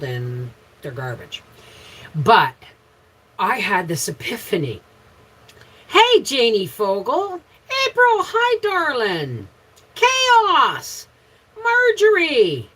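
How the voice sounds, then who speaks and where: A woman's voice: low voice, a bit bright, rough recording. A middle-aged woman with a Canadian accent hosting a casual home livestream, chatting about her day and greeting viewers by name. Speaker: homesteading livestream host. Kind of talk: casual live chat with viewers.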